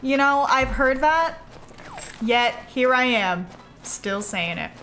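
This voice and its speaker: A woman's voice: high-pitched, expressive, slow pace, fairly bright tone, slight background noise. A young woman game streamer chatting casually and playfully to her chat while she plays, reacting aloud to what she finds.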